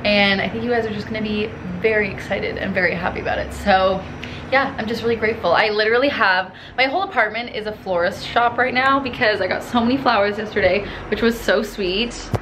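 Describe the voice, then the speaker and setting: A woman in her twenties who is a vlogger and brand founder talks to the camera from her apartment in a casual vlog. She is bubbly and chatty, speaks briskly at a medium pitch, and uses lots of fillers, with noise in the background.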